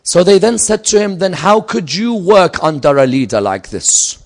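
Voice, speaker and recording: A man's voice: expressive, normal speed. Emphatic male religious lecturer. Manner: storytelling, voice swings from loud emphatic peaks to low quiet asides. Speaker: Islamic lecturer.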